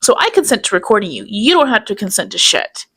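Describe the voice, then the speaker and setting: A woman's voice: mid-range voice, big pitch swings, quick pace, sharp tone, husky. A woman hosting a casual reaction commentary, chatty and sarcastic, often breaking into laughter. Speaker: commentary channel host.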